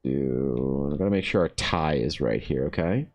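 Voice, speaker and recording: A man's voice: rumbling low, expressive, moderate pace, darkish tone, no room sound. A man in his thirties, an artist chatting casually with viewers while drawing, laid-back and rambling, laughing often and calling people dude. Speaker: artist livestreaming.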